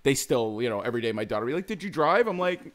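A man's voice: mid-range voice, animated, rapid-fire. A man in his forties, a podcast host, telling a story in casual chat, laughing often and swearing freely.

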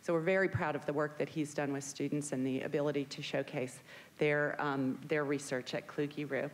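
Deep-voiced woman introducing a speaker. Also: fairly even intonation, brisk, low-quality recording. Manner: formal, with ums. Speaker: event host introducing a speaker.

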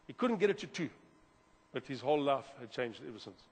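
A man preaching a sermon as pastor, animated, repeating words and swinging from loud to quiet. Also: medium pitch, fairly quick. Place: church hall. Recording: long hall reverb.

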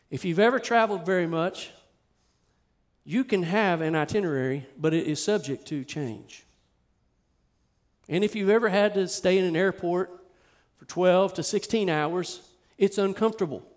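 Male pastor, high voice, casual-to-fervent sermon delivery. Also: moderate pace, pauses often. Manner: conversational, emphatic preaching that swells in intensity. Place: church sanctuary with a live congregation.

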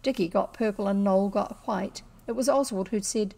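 A woman's voice: mid-range voice, normal speed, creaky, warm tone. New Zealand woman reading a storybook. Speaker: audiobook reader. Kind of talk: storybook narration.

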